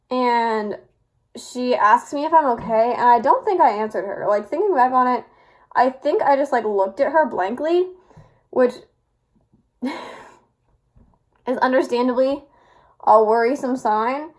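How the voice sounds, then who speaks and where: A young woman telling a personal story in a casual, rambling way, full of fillers and little laughs. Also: fairly high pitch. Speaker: vlogger.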